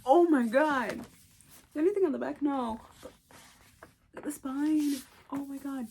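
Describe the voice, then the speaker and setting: A young woman chatting excitedly in a casual vlog, gushing, gasping and dropping into whispers. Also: high-pitched, measured pace, slight background noise. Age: young adult. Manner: gushing, excitable, repeats herself, gasps and whispers. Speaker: booktuber.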